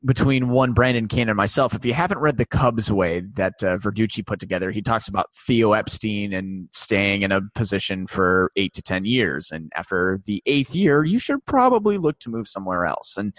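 A man in his forties hosts a casual sports podcast, his voice sitting a little low. He rambles, stopping and restarting with plenty of fillers. The sound is dry and close. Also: a bit bright, dry recording. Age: 40s. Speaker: podcast host.

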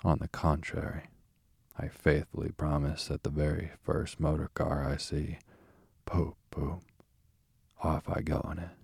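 A man's voice: rumbling low, little pitch movement, measured pace, vocal fry, darkish tone, husky, no echo, full character voice. A man reading a stubborn, boastful male toad in a bedtime storybook, talking in a wilful, gushing way. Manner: sullen, then gushing and wilful.

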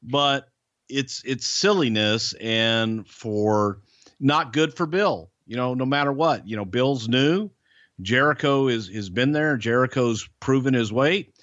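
A man's voice: medium pitch, takes it slowly, a bit bright, no echo, dull audio. Blunt, folksy podcast man. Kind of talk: casual storytelling chat.

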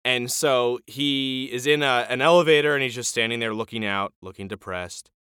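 A man's voice: medium pitch, normal speed, clear, resonant tone, no room sound, clean studio sound. A man co-hosting a podcast, retelling a TV episode in casual chat and acting out the lines as he goes. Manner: animated retelling with acted-out quotes. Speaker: podcast co-host.

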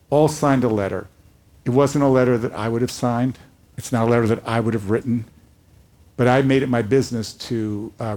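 An older man, a rabbi, speaking earnestly and telling stories on a panel before a live audience. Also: mid-range voice. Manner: earnest storytelling, animated quotes.

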